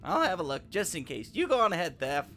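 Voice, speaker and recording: A man's voice: a little high, sing-song, fast, pushed and bright, faint music behind, full character voice. A man voicing an eager male engineer in a game, with a put-on Cockney accent and theatrical delivery. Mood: proud. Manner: theatrical, grand pronouncements. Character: eager male engineer NPC, proud of trolley.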